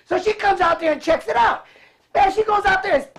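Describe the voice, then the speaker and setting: A man from Cleveland who grew up in California, a guest telling animated stories with frequent laughter. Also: very high-pitched, normal speed, slight background noise. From Cleveland, raised in California. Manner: animated, laughs often, acts out voices. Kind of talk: casual storytelling.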